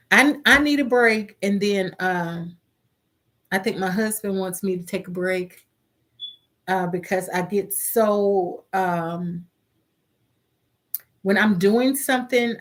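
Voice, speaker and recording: Slow-talking woman hosting a live chat. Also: mid-range voice. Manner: warm, reads viewer comments aloud, slow and heartfelt. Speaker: host of a live chat stream. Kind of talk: casual live-stream chat with viewers.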